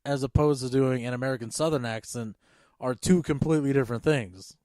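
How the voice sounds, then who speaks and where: A man's voice: medium pitch, fairly quick, a little mellow, dry recording, clean studio sound. A man co-hosting a casual movie podcast, chatting in a joking way. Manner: joking, does mock voices in quotes. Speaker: podcast co-host.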